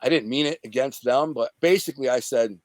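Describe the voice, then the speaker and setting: A middle-aged man from the Detroit area, an interview guest telling a story in a rambling, profane, animated way. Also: medium pitch, brisk, no echo. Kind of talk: casual storytelling.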